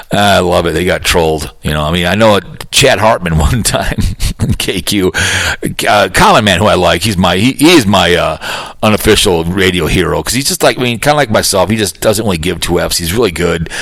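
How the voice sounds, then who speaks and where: A man's voice: low-pitched, fairly bright tone, no room sound. A man hosting his own podcast, rambling and swearing in a casual, joking monologue. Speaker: podcast host.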